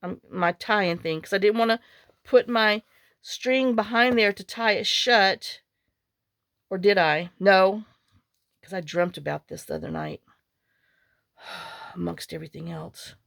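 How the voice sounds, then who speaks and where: A woman's voice: mid-range voice, measured pace, creaky, pauses often, a bit bright, no echo, clean studio sound. A woman vlogger chatting casually while making a journal, rambling through stories and muttering to herself as she works. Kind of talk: casual chat while crafting.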